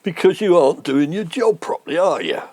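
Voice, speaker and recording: A man's voice: on the high side, sing-song, fairly quick, a little mellow, dry recording. A man voicing an exasperated, blustering middle-aged man, indignant and sarcastic, in a comic sketch impression.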